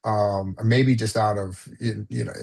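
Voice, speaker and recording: A man's voice: fairly low pitch, fairly even intonation, unhurried, gravelly, a little mellow. A man telling a personal story as a guest in a casual conversation, rambling with lots of fillers and restarts. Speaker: podcast guest.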